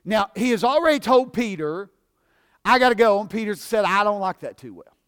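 A man preaching a sermon in a church service, swinging from shouted fervor to low, conversational teaching. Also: sing-song, moderate pace, clear, resonant tone.

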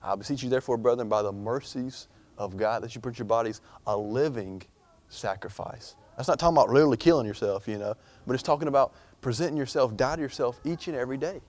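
A man's voice: medium pitch, fast, a little mellow. A young man preaching an informal sermon in a chatty, rambling way, full of fillers and restarts.

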